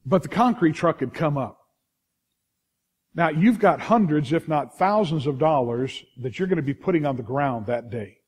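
A middle-aged man with a Californian accent, preaching a sermon in a lively storytelling way, full of restarts and asides to the congregation. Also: on the high side, normal speed, slightly rough. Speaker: pastor.

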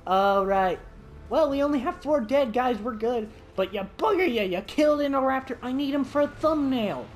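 A man's voice: very high voice, animated, normal speed, soft background music. A man giving let's play commentary who talks to the dinosaurs on screen and yelps and shrieks when startled. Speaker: gaming commentator.

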